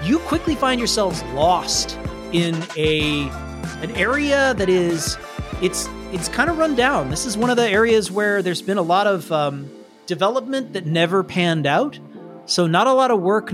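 A man's voice: high voice, animated, measured pace, over music. A man narrating a tabletop role-playing game as game master, in a loose, rambling way with many fillers. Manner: casual, meandering, with fillers.

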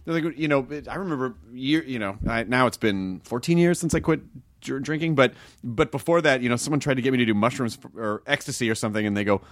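A man's voice: medium pitch, fast, no echo. A man hosting a casual conversation, talking anxiously and self-deprecatingly and swearing freely.

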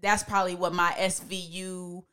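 A woman co-hosting a podcast in casual chat, opinionated and quick to laugh. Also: fairly low pitch, level tone, sharp tone, clear, resonant tone. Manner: chatty and opinionated, laughs often. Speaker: podcast co-host.

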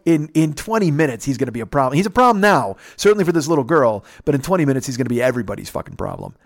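A man's voice: mid-range voice, big pitch swings, very fast, creaky, no echo, clean studio sound. A man hosting a podcast, telling a story in a casual, rambling, profane way. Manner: profane, rambling, laid-back. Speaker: podcast host.

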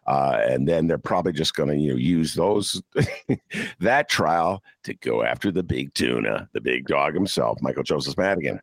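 A man's voice: extremely low pitch, expressive, normal speed, gravelly, no room sound. An older man hosting a political talk show, sarcastic and ranting. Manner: sarcastic, ranting, mocks people in put-on voices. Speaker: podcast host.

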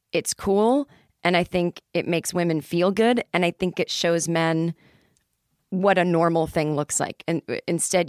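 A woman in her forties delivers a loose, self-deprecating comedy monologue as a podcast host. Her voice sits a little low and she talks in chatty, rambling bursts. The sound is close and dry, with no room around it. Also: dry recording.

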